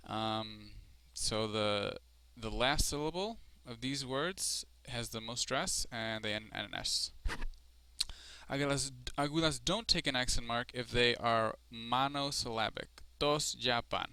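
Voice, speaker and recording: Male language teacher, screencast lesson, bright crisp voice, explanatory, lots of ums. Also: mid-range voice, dry recording. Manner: explanatory, with frequent fillers and self-corrections. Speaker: Spanish teacher.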